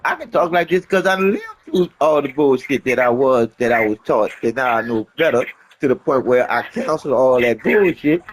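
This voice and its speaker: A man with an expressive mid-range voice speaks at a moderate pace against slight background noise. His motivational monologue rambles in street slang, hammering the same points with frequent swearing.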